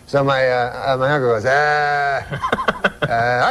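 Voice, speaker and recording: A man guest on a talk show telling a long joke in a halting, deadpan way, chuckling at his own lines. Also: mid-range voice, a little hiss or hum.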